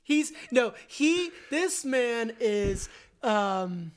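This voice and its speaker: A woman co-hosting a casual film podcast, giving quick, emphatic opinions. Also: fairly high pitch, animated. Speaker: podcast co-host.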